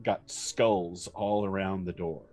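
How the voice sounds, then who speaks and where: A man narrating a tabletop game as game master, pausing often with fillers and restarts. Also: low voice, fairly even intonation, a little mellow, soft background music. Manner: hesitant, many fillers and restarts.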